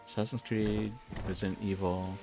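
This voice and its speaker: A man's voice: fairly low pitch, flat delivery, moderate pace. A young man streaming an online game, rambling through casual commentary with self-mocking asides. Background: game music.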